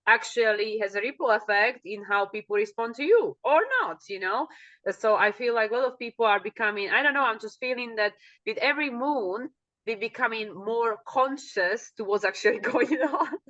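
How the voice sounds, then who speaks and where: A woman co-hosting a casual spiritual chat, animated and acting out her own quoted thoughts. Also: fairly high pitch, normal speed, lo-fi sound. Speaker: co-host.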